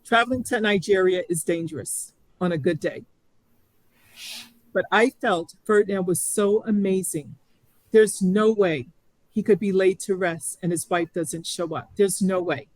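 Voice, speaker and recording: A woman's voice: medium pitch, a little slow, no room sound, poor audio. A middle-aged woman, a guest on an interview show, speaking earnestly and reflectively, often restarting her sentences. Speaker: guest sharing her story. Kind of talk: candid interview.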